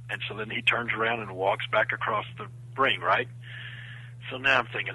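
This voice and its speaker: A man's voice: on the low side, normal speed, slightly rough, rough recording. A man telling a story in casual talk, acting out the other people's lines. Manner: animated, acts out quoted voices. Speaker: guest storyteller.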